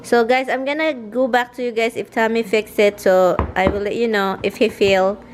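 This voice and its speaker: A Filipina vlogger from the Philippines chats casually to camera about her husband, giggling and laughing often as she tells stories in her Filipino accent. Her voice is a little high, with fairly even intonation and a moderate pace, against a noisy background.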